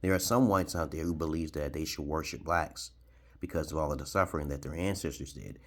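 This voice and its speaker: A man's voice: very deep voice, fairly quick. A man in his forties from Brooklyn, New York, telling a rambling story to camera and tagging his points with "okay?". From Brooklyn, New York, USA. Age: 40s. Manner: rambling, keeps adding "okay?", chuckles. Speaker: video blogger.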